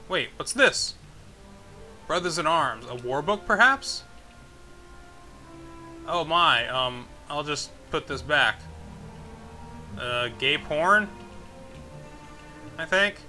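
A man narrating his playthrough of a role-playing game, joking and thinking out loud as he goes. His voice is slightly high and very bright and sharp, with quiet game music running behind it. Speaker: let's play host. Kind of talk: casual gameplay commentary.

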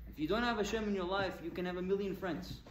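Emphatic rabbi in an echoey room. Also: male voice, high voice, fast talker, slight background noise. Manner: asks the audience questions, emphatic. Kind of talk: Torah talk to an audience. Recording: echoey room with faint ambience.

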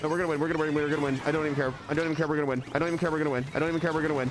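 Man, fairly high voice, live game commentary, repeats himself, yelps and mutters. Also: very fast, few pauses. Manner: excitable, jumps from low muttering to yelps and shouts; repeats phrases over and over. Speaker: streamer.

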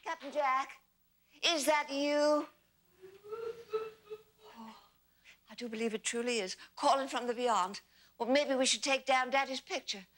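A woman's voice: high voice, measured pace, long pauses, a bit bright. An actress playing a fussy, flustered lady in a film. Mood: fluttery.

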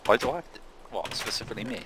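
A man chatting casually while gaming with friends, reacting quickly and often apologizing. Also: mid-range voice, animated. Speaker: gamer playing with friends. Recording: clear background noise.

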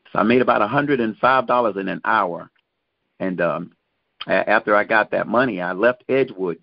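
A middle-aged man, a guest minister, slowly telling his personal religious testimony with many pauses. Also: lowish voice, vocal fry, no echo. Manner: slow, measured storytelling with many pauses. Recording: dull, muffled lo-fi sound.

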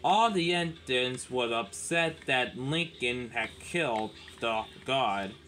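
A man narrating a homemade toy-train story in a rambling, halting way. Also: mid-range voice, expressive, pushed and bright, slight background noise.

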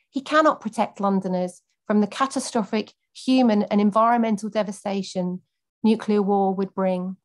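A woman campaigner with a fairly high-pitched voice speaks earnestly, first delivering a prepared speech and then answering questions off the cuff with many fillers.

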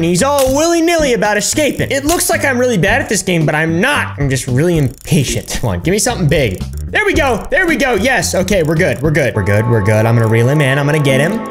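A man giving casual gameplay commentary, excitable and yelling and cursing at the game. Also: extremely high pitch. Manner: excitable, yells and curses at the game. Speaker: gaming YouTuber.

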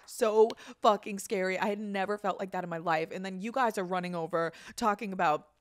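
A woman's voice: medium pitch, fairly quick. A woman hosting a podcast, telling a rambling story in casual chat, swearing freely and saying "dude" often. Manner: rambling with restarts. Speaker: podcast host.

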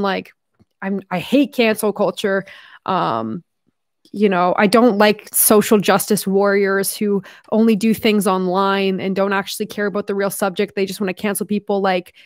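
A woman's voice: medium pitch, dry recording, studio quality. Chatty young Canadian woman vlogging. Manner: chatty, rambling, heavy use of fillers and "like". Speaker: YouTuber opening fan mail. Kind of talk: casual vlog chat.

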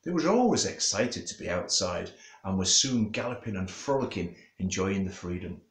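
A man's voice: deep voice, moderate pace, slightly rough. A male storyteller and author telling a children's story and reading a bedtime book in a playful way. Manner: lively, playful, talks straight to children.

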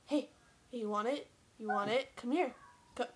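A woman's voice: high-pitched, a little fast, long pauses, fairly bright tone, slightly rough. A young woman, chatting playfully and breathlessly in her bedroom, giggling and teasing. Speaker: vlogger. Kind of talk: casual chat.

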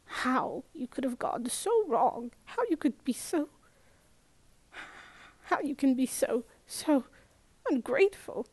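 A woman's voice: sits high, animated, takes it slowly, pauses often, darkish tone, slightly rough, no echo, heavily acted. Woman voicing a distraught older headmistress. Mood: reproachful.

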